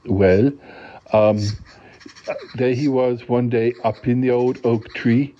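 Deadpan rambling male storyteller. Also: medium pitch, slight background noise. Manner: deadpan, rambling, halting with many restarts. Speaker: podcast host. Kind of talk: comic improvised storytelling. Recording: dull lo-fi recording.

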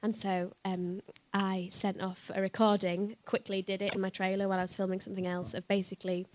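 A woman's voice: mid-range voice, little pitch movement, a little fast, a little mellow. A woman voice actor answering audience questions on a live panel, chatty and playful, laughing often. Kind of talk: casual panel Q&A.

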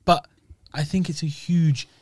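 A man, co-hosting a podcast in casual chat, talking in a measured, reasoning way. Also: a little high, fairly even intonation, a little mellow, slightly rough, no echo. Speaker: podcast co-host.

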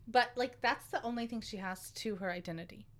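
A woman's voice: a little high, brisk, fairly bright tone. A woman co-hosting a casual podcast, thinking aloud about a book character. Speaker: podcast co-host. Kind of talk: casual chat.

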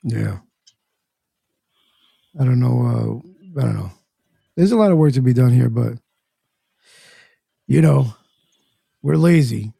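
Man, casual chat, gravelly, dark mellow tone, dry sound. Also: mid-range voice, expressive, takes it slowly, pauses often, no room sound.

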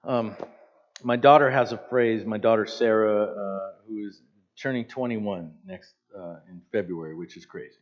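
A pastor in his fifties preaching a sermon in an animated, conversational way with joking asides. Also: on the low side, moderate pace. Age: 50s. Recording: slightly dull lo-fi sound.

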